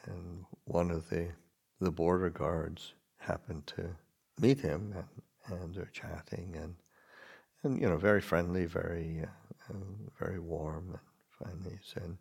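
A Buddhist monk gives a dharma talk in a deep, gravelly voice with plenty of fry. He speaks gently and haltingly, pausing and restarting his phrases. His voice is very husky and rough. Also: fairly even intonation.

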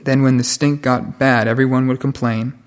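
A man's voice: mid-range voice, fairly even intonation, moderate pace. A man, a senior monk, giving a stern, plain-spoken Dhamma talk to monks and novices.

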